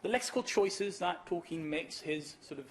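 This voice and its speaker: High-voiced man giving a lecture. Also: animated, normal speed. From Netherlands. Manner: explanatory, with many fillers and rhetorical "right?"; reads verse aloud with emphatic rhythm. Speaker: keynote lecturer. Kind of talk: academic conference lecture.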